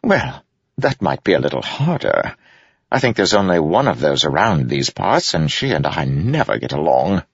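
A man's voice: very deep voice, big pitch swings, normal speed, vocal fry, slightly rough, dry recording, highs cut off, heavily acted. A man doing a mocking, playful jester. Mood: teasing. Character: odd, teasing older male jester.

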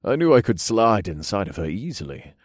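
A man narrating a first-person erotic story in a low, breathy, intimate way. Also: big pitch swings, a little fast, no room sound, clean studio sound.

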